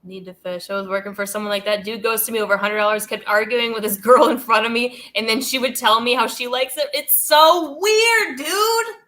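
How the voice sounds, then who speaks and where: A woman's voice: medium pitch, little pitch movement, fast, hardly any pauses, sharp tone. A woman host chatting casually and loosely, peppering her talk with "like" and "dude" and laughing between thoughts. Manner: rambling, heavy use of "like" and "dude". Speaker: channel host. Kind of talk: casual commentary chat.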